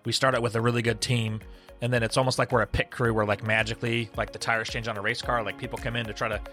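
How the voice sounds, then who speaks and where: A man hosting a casual panel discussion among emergency clinicians, telling stories in an animated way and acting out quotes. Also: medium pitch, soft background music. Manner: fast, animated storytelling with acted quotes. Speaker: podcast host, emergency clinician.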